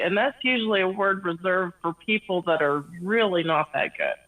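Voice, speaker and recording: A woman's voice: on the low side, sing-song, moderate pace, fairly bright tone, poor audio. A woman from Kansas speaking as a podcast guest, wry and matter-of-fact. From Kansas, USA.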